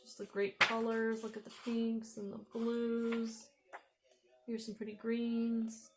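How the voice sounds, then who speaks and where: Woman vlogger with an Upper Midwest accent, slow and chatty, admiring her finds. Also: fairly high pitch, completely flat delivery, slight background noise. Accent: Upper Midwest American. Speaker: vlogger showing thrift finds. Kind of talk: casual show-and-tell.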